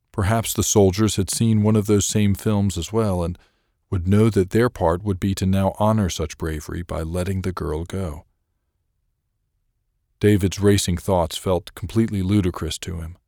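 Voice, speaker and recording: Brief: male storyteller, deep voice, dry close recording, measured read. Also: warm tone, dry recording. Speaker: audiobook narrator. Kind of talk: scripted narration.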